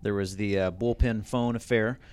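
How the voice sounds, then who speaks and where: A man's voice: on the low side, fairly even intonation, moderate pace, darkish tone. Conversational man hosting a sports chat. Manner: conversational, recapping then asking questions. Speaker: interview host at a museum. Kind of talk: casual sports interview.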